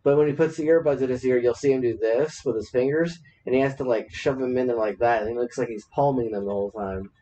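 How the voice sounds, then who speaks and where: A man's voice: mid-range voice, fast, few pauses, dark tone, poor audio. A married man co-hosting a podcast, telling rambling stories in casual chat and laughing at himself. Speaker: podcast co-host.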